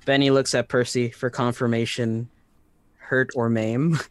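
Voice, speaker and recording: A man playing a character in a tabletop role-playing game, with a slow, laughing manner. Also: mid-range voice, little pitch movement, clean tone. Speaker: player.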